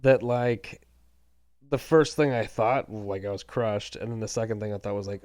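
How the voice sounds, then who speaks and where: A man co-hosting a podcast in casual chat, talking haltingly with many fillers and restarts, sounding saddened. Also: lowish voice, a little mellow, no room sound, clean studio sound. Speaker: podcast co-host.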